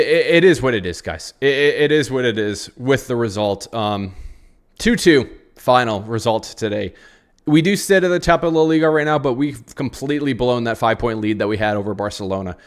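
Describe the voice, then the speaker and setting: A man's voice: mid-range voice, moderate pace. Frustrated man reacting to football. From United States. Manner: frustrated, rambling, repeats phrases, answers chat. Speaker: football channel host. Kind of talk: live post-match reaction reading chat.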